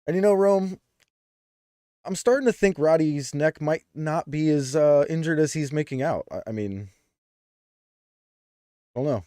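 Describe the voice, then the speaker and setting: A man's voice: fairly high pitch, measured pace, long pauses, mellow, no echo, clean studio sound. A man co-hosting a podcast in casual chat, talking loosely with frequent fillers and restarts. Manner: chatty, with many "um"s and restarts. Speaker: podcast co-host.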